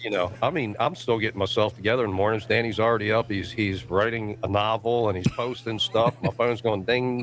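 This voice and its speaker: A middle-aged man with a deep voice, co-hosting a radio show, chatty and joking. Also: fairly quick, few pauses, fairly bright tone. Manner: jokey, chatty storyteller. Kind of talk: casual radio chat.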